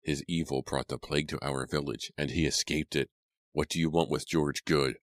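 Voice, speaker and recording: A man's voice: a bass voice, steady tone, moderate pace, no room sound, clean studio sound. A man doing a growling, menacing farmer. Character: hostile gruff male farmer, middle-aged.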